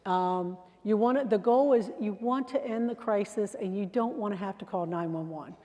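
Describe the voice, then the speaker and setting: A woman trainer talks through security procedures with a conversational, down-to-earth delivery. She sometimes acts out the phrases people might say. Her voice is dark and mellow, and it carries a long reverb from a large room. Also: mid-range voice, moderate pace. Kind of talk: training presentation.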